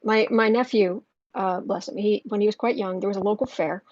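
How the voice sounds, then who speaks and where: A woman's voice: medium pitch, brisk, darkish tone, no room sound, dull audio. A woman talking through a tarot reading in a loose, rambling way, with lots of restarts. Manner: rambling, chatty storytelling with restarts. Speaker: tarot reader. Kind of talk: casual tarot reading monologue.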